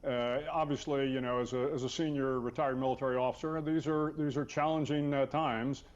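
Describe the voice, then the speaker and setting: An older man, a retired military officer, answering in a TV news interview in a measured, hesitant way with many fillers. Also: mid-range voice, steady tone, dull audio.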